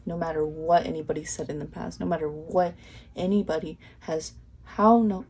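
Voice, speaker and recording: A woman's voice: deep voice, darkish tone, slightly rough. Earnest young woman giving a tarot reading. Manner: earnest, encouraging, repeats herself with restarts. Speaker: tarot reader. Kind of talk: pick-a-card tarot reading.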